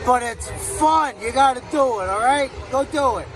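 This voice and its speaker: Over loud music, crowd and outdoor noise, a man with a very high voice delivers a wisecracking travel report from a theme park at normal speed. He's a travel segment correspondent, and it's a casual, comedic, vlog-style piece.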